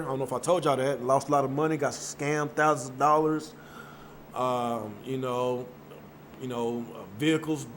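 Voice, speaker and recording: A man's voice: medium pitch, slight background noise. A man hosting a gaming channel, chatting casually with his viewers in a loose, emphatic way, with repeated words and mild cursing. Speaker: gaming channel host reading viewer chat. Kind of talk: casual live-stream chat.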